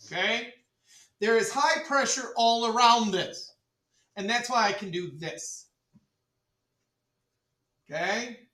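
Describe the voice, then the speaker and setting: A male chemistry teacher running a classroom demonstration, joking with students, repeating "all right" and calling the class ladies and gentlemen. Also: sits high. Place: school classroom. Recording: echoey classroom from far off.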